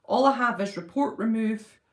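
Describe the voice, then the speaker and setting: A woman's voice: fairly high pitch, moderate pace. A woman hosting a casual livestream from a room in her mother's house, reading out viewer comments and chatting back. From United Kingdom. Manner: chatty, reads viewer comments aloud and answers them. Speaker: channel host. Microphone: phone.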